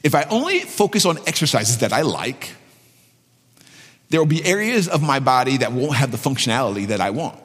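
A man's voice: mid-range voice, very animated, brisk, a bit bright, long reverb tail. A male pastor preaching a sermon in a conversational way, repeating phrases and restarting sentences.

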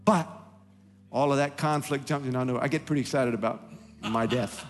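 A man's voice: medium pitch, normal speed, in a large hall. A man preaching a sermon as pastor, emphatic, acting out quoted voices. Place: church hall.

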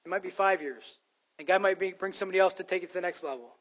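Man, pastor preaching a sermon, emphatic with wry self-deprecating asides, fairly high voice, long church reverb. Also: racing, fairly bright tone. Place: church sanctuary.

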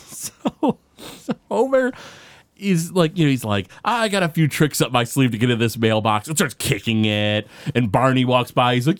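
A man co-hosting a podcast, excitedly recapping a cartoon episode with quick paraphrased quotes and frequent restarts. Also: mid-range voice, dry recording. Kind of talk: casual chat.

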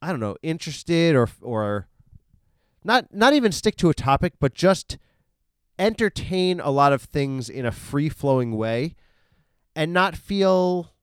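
A man's voice: fairly high pitch, big pitch swings, a little slow, clean tone, dry recording, clean studio sound. A man hosting a casual solo podcast, rambling and swearing freely, full of fillers and self-corrections. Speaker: podcast host. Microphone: studio podcast microphone.

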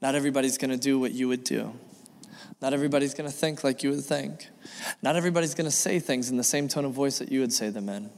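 A man's voice: mid-range voice, fast, vocal fry, darkish tone. A male pastor giving an earnest sermon, repeating key phrases and acting out bits of dialogue. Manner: earnest, repetitive preaching with acted dialogue. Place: church sanctuary. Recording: long reverb of a church hall.

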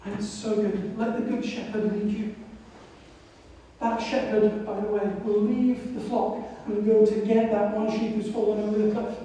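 A woman missionary gives a reflective sermon drawn from her own story. Her voice is warm and fairly even in tone. She sounds distant from the mic, in a hall with a long, roomy echo. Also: mid-range voice, moderate pace, slight background noise. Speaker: missionary speaker. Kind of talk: sermon with personal testimony. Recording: echoey hall from far off.

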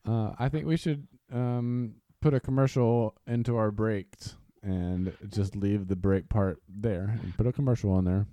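A man co-hosting a casual podcast, relaxed and quick to laugh. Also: lowish voice, no room sound. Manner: laid-back, laughing, reactive. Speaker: podcast co-host.

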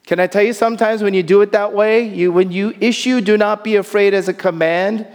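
A male pastor preaching a sermon in a church, animated, dropping to soft emphasis. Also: sits high, fairly quick, big-room sound. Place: church sanctuary.

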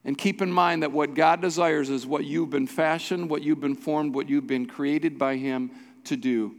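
A man's voice: on the high side, fairly even intonation, moderate pace. A male pastor preaching a sermon with urgent, exhorting repetition. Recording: long hall reverb.

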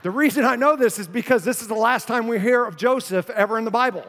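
A man's voice: extremely high pitch, fast talker, a bit bright, in a large hall, slight background noise. A male pastor preaching a sermon in a conversational, joking and earnest manner. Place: church sanctuary.

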